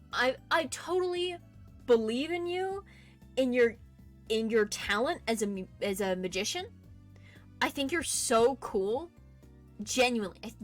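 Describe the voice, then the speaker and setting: Young female streamer, casual gaming chat, animated swings in pitch, faint music underneath. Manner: chatty, laughing asides, swearing.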